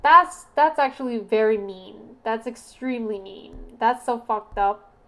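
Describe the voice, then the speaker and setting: Expressive woman streamer, higher voice. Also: measured pace, a little hiss or hum. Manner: animated, exclaims and swears in disbelief; reads on-screen game text aloud. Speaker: streamer playing game jam entries. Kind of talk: casual live-stream commentary.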